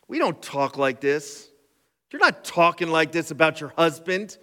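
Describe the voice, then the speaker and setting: A man's voice: on the high side, sing-song, a little slow, sharp tone. A male pastor preaching a sermon, reading scripture and breaking off for joking asides. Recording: long hall reverb.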